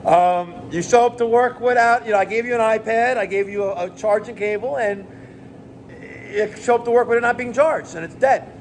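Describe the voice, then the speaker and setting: A man's voice: high-pitched, normal speed, slight background noise. Profane New man ranting. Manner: animated, profane, exasperated ranting. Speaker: plumbing business owner. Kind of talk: rant vlog to camera.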